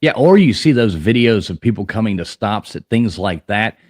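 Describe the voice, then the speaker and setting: A man's voice: lowish voice, expressive, moderate pace, darkish tone, dry recording, clean studio sound. A man co-hosting a casual podcast, telling a long rambling story, swearing freely and laughing as he goes.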